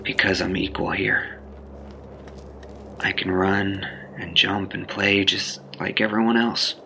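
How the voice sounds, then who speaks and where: An actor playing a bored-sounding man on a gaming crew, delivering lines flatly in a film clip. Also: deep voice, slow, vocal fry, slight background noise, heavily acted.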